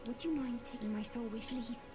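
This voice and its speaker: An actress with an Irish accent voicing a gentle, weak-sighted young woman in a video game, speaking softly and breathily. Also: on the high side, fairly quick, music in the background, lightly acted. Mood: imploring. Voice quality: soft, hushed, breathy.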